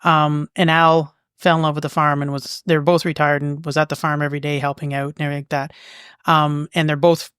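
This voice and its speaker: A Canadian woman co-hosting a podcast and telling a farm story in loose casual chat. Her voice is smooth and clear, and it is recorded dry and close with little room sound. She rambles along with plenty of ums, uhs and restarts. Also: deep voice, level tone, fast talker, fairly bright tone, no echo. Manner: rambling, lots of fillers and restarts. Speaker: podcast co-host. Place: local museum.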